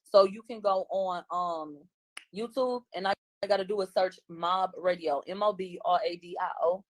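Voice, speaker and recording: A woman's voice: on the low side, moderate pace, no echo. A woman, a guest commentator on a livestream, talking bluntly and combatively in casual chat.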